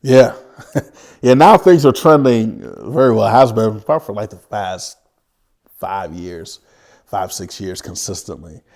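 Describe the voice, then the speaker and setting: A man telling his own life story as an interview guest, earnest and halting, often restarting his sentences. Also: fairly low pitch, a little mellow. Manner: vivid retelling.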